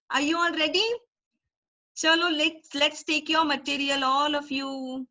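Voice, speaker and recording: Bright Indian English preschool teacher. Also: female voice, high voice. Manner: animated, questioning the children. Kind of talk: storytelling for young children. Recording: dull lo-fi recording.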